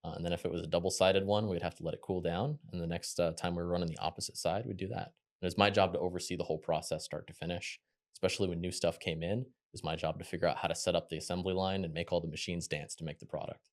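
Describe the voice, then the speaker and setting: A young man, telling stories from his working life as a podcast guest in a quick, chatty way. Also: low-pitched. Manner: quick, chatty, animated when quoting others. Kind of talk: casual interview storytelling.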